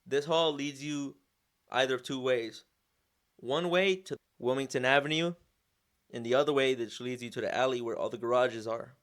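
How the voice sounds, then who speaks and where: A young man recounts a story in a loose, casual way. His speech is slangy and animated, full of restarts and repeated words. His voice sits at an ordinary middle pitch. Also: normal speed. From Southern California. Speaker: vlogger, sponsored motorcycle rider.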